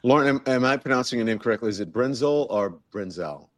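A man's voice: medium pitch, rapid-fire, no echo. Male talk-show host, chatty and loose, dry studio sound. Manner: conversational, loose, restarts sentences. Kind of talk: news talk interview.

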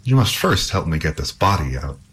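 A man's voice: very deep voice, very animated, brisk, a bit bright, breathy edge, exaggerated voice. A man voicing a frightened young princess held captive in a storybook castle, speaking in a raised, alarmed voice. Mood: urging.

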